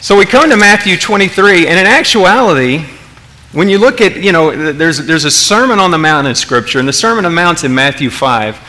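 Male pastor, casual sermon, forceful bright tone, halting restarts. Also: a little high, expressive. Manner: conversational, many restarts, asks the audience questions.

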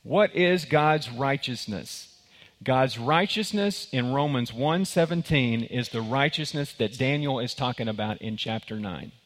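A man's voice: medium pitch, a little slow. A man preaching a sermon, emphatic, often repeating words and restarting as he builds his point. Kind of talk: sermon with a told joke. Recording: long hall reverb.

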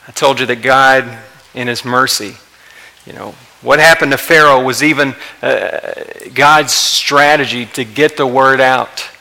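A man preaching a sermon as pastor, impassioned, building to emphatic peaks and then dropping quiet. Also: medium pitch, fairly even intonation, unhurried, gravelly, low-quality recording.

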